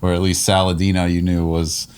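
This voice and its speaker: A man with a very deep and flat voice co-hosts a casual podcast. He thinks out loud and restarts his sentences as he goes. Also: fairly quick, clean tone. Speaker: podcast co-host.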